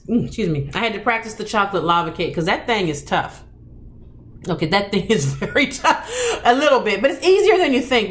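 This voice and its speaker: A woman in her thirties hosting a cooking channel, chatting casually on a live stream as she reads out viewer comments, laughing often and getting animated when she quotes people. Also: on the high side.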